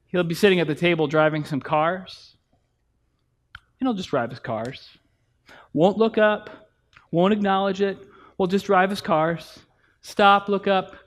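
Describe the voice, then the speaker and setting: A pastor in his thirties giving a conversational sermon in a church, telling family stories and acting out bits of dialogue. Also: high-pitched. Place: church sanctuary.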